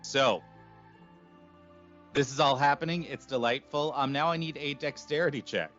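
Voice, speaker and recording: A man narrating a tabletop game as game master, unhurried and filling gaps with "um" and laughter. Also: mid-range voice, fairly bright tone, lo-fi sound, soft background music.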